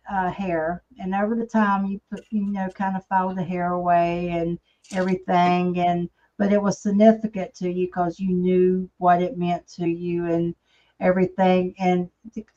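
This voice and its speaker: A woman's voice: fairly low pitch, a little mellow, highs cut off. A woman hosting a live podcast over a call, asking loosely worded questions in a casual, self-deprecating way. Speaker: podcast host.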